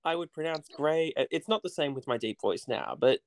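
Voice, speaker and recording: A man's voice: on the high side, animated, brisk, dry recording. A man with an Australian accent, a podcast guest chatting casually, rambling and self-deprecating with frequent laughs.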